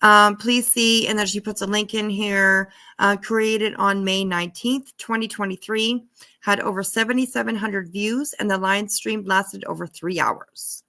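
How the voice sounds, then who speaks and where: An online drama commentator, a woman, reads court papers aloud casually, breaking off between passages for profane, laughing asides. Her mid-range voice is bright and forceful, with fairly even intonation and a measured pace.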